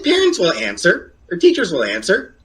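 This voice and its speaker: A man's voice: wildly swooping pitch, moderate pace, a bit bright. A man streaming and chatting casually, rambling and hesitant with filler words. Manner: rambling and hesitant, with sudden high leaps of pitch. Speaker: streamer in a reacted-to clip.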